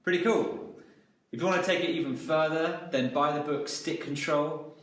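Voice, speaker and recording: A man's voice: a little high, normal speed. Male drum instructor, calls out sticking step by step, recorded far off in a roomy space. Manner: talks through drum patterns, counting hands aloud. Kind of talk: instructional lesson. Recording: echoey room, mic far off.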